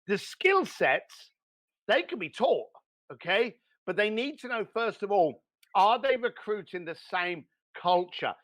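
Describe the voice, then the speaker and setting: A man giving blunt, animated business advice as a podcast guest, swearing now and then. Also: sits high, a little slow. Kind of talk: motivational business talk.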